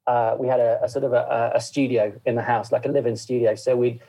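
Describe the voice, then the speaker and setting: Guest: gravelly man, dark husky tone, loose rambling chat. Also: medium pitch, flat delivery, brisk, rough recording. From England. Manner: rambling, full of fillers and asides. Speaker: podcast guest. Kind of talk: casual interview chat.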